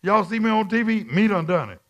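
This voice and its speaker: On a muffled recording, a man serving as bishop leads Bible study in a high, expressive, brisk voice. He uses call-and-response repetition and moves from soft speech to shouts.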